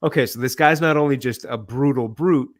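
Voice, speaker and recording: A man's voice: mid-range voice, a little fast. A man in a casual film review chat, talking eagerly while searching for the right words.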